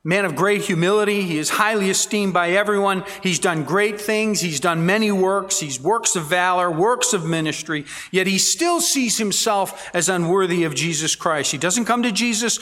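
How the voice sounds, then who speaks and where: A man's voice: sits high, moderate pace, hardly any pauses, a bit bright, long reverb tail. A man preaching an expository sermon, reading scripture aloud and stressing key words earnestly. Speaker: pastor.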